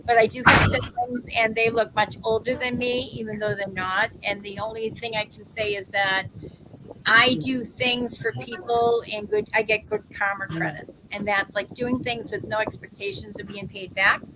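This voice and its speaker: A woman's voice: mid-range voice, flat delivery, normal speed, background noise. A chatty woman in her fifties, a psychic medium hosting a casual live-stream talk, who laughs easily and acts out the voices of people she quotes. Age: 50s.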